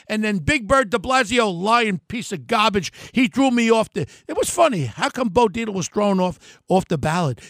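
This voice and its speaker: An older man delivering a fiery political rant, yelling and name-calling. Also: sits high, no room sound, clean studio sound. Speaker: political commentator.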